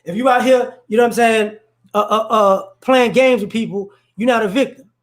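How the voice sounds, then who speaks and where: Here a livestream host talks at normal speed in a high, steady-toned voice. His unscripted social commentary is a blunt, confrontational rant in which he rambles and repeats words while building his points, and the room gives the audio a noticeable echo.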